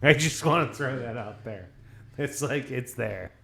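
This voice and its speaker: A man co-hosts a relaxed drinks podcast. He chimes in quickly and often talks over the others. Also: medium pitch, creaky. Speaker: podcast co-host. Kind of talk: casual chat.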